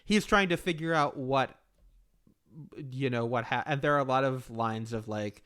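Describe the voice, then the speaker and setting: A young man with a middle-range voice co-hosts a relaxed movie talk. He backs up his partner with short agreements and often laughs. When he takes over, his retellings are loose and friendly. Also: medium pitch, moderate pace, clear, resonant tone. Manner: agreeable listener, chuckles often. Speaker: podcast co-host. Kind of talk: casual movie discussion.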